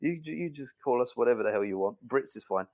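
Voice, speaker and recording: A British man appearing as a podcast guest talks fast in a medium-pitched voice. He chats casually and animatedly, cracking jokes and doing mock accents.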